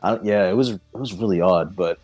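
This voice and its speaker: A man with a very low voice rambles through a long, loose anecdote on a podcast. He swears freely and keeps breaking into laughter as he tells it, with faint music just audible behind him. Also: brisk, a little mellow, slightly rough. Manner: profane, laughing through his story. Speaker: podcast co-host. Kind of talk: casual storytelling chat.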